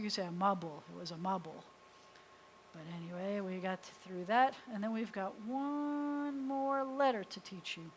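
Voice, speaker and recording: An American woman, a rabbi, teaching a beginners' Hebrew class in a lively, chatty way. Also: mid-range voice, low-quality recording. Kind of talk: classroom lesson. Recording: faint hiss.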